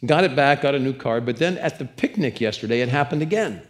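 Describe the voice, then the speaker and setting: A man preaching a sermon in church, telling lively stories with humor and asides to the congregation. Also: medium pitch, fast. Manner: animated storytelling with humor and asides. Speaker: pastor.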